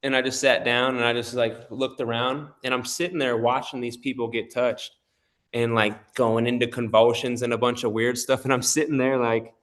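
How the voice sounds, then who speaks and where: A man's voice: medium pitch, flat delivery, moderate pace, a bit bright. A man chatting casually about his church experiences. His speech is easygoing and slangy, and he often laughs along as he talks. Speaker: interview guest. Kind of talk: casual chat.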